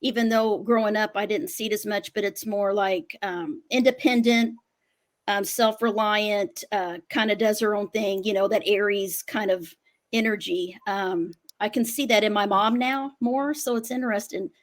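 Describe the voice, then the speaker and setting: A woman's voice: mid-range voice, fairly even intonation, moderate pace. A woman astrologer and mother chatting casually on a video call panel, full of "you know" and agreeable asides.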